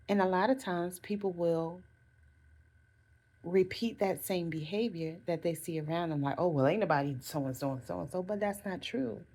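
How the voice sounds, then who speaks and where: This is a casual motivational talk to camera by a woman vlogger, who speaks straight to her viewers with earnest self-care advice, repeating phrases for emphasis. Her voice is fairly low in pitch with a darkish tone.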